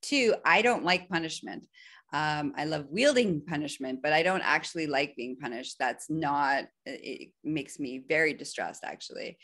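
Podcast guest, woman, lower pitch, candid animated storyteller who laughs often. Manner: animated, laughs often, voice jumps high when quoting her own pleading.

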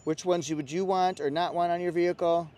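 A man's voice: high-pitched, steady tone, brisk, darkish tone. A man presenting a car walkaround review for a dealership, upbeat and salesy as he points out one feature after another.

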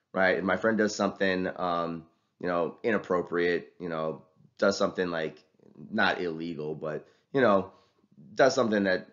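A male teacher giving a casual classroom lecture, talking conversationally and ending his points with "right?". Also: deep voice. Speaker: college teacher and wrestling coach. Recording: dull lo-fi recording.

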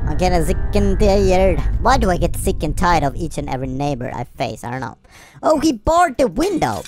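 Excitable woman yelling at a game. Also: on the low side, measured pace, faint music behind. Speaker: gameplay commentator. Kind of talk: playing a video game and commenting.

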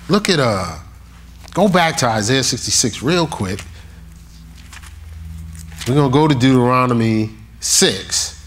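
Animated male pastor preaching. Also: medium pitch, a little hiss or hum. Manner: animated, talks straight to the congregation with questions; reads scripture aloud slowly. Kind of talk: sermon.

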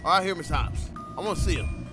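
A man giving loud, excitable commentary while playing a horror game, full of slang and yelling at jump scares. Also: sits high, fast talker, over music. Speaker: gamer.

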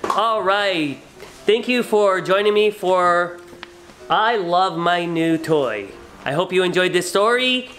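A teacher hosting a children's read-aloud, introducing a picture book in a friendly, lively tone. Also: medium pitch, slow pace, rough recording. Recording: soft background music.

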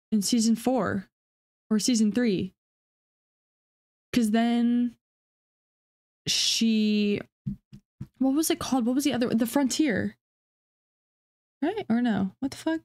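A woman reacting to a video game in casual, rambling commentary, her voice sitting a bit high. She swears freely and talks through her confusion out loud with excitable energy. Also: takes it slowly, long pauses. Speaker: gaming reaction streamer.

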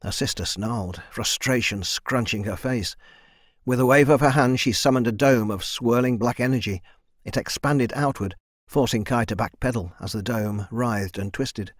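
A man reading a fantasy novel aloud in a steady storytelling voice that lifts for the action beats. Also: on the low side, no room sound, studio quality. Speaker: audiobook narrator. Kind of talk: scripted fantasy narration.

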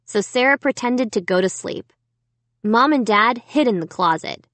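A woman narrating an audiobook in first person, lively and suspenseful in her pitch. The sound is dry and close, with faint music underneath. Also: no echo. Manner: expressive, suspenseful reading.

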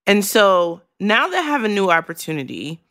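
A woman's voice: medium pitch, big pitch swings, normal speed, a bit bright, no room sound, clean studio sound. A woman hosting a podcast, talking frankly and emotionally, swearing freely and choking back tears. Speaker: podcast host. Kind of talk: candid podcast monologue.

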